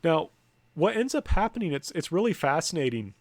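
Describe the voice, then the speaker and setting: A very animated American man with a higher-pitched voice lectures from slides a little fast, recorded with no echo. He keeps it conversational but hesitant, saying um a lot, restarting, correcting himself, and slipping in wry asides.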